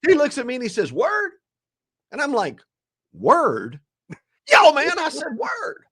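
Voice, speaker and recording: A man in his sixties, a guest telling a story in a lively, dramatic way and acting out the quotes. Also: extremely high pitch, fast talker. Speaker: guest, ethics speaker. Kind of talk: animated storytelling.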